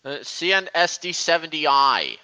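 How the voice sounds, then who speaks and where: A young man hosting a casual livestream, rambling and halting, with many fillers. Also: fairly high pitch, sing-song, pushed and bright, smooth, rough recording. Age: young adult. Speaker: livestream host. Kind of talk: casual chat.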